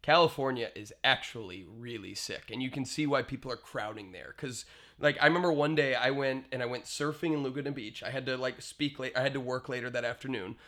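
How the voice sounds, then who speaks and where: A young man chats as a guest on a podcast, telling stories with energy. His voice is bright and forward. He often trails off mid-sentence. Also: medium pitch, brisk. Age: young adult. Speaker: guest, speaker and educator. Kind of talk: casual podcast chat.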